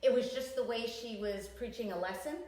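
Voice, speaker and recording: A woman's voice: on the high side, brisk, a loud crowd. A woman with a New York accent chatting casually about leading a women's ministry group, laughing often. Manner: chatty, laughs often, animated when excited. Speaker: guest, women's ministry chapter leader. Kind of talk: casual conversation. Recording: very echoey room.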